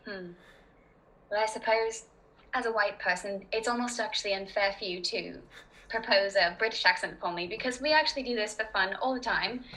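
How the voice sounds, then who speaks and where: A woman's voice: mid-range voice, a little fast, sharp tone, rough recording. A woman chatting casually as a podcast guest, rambling and laughing often. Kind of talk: casual chat.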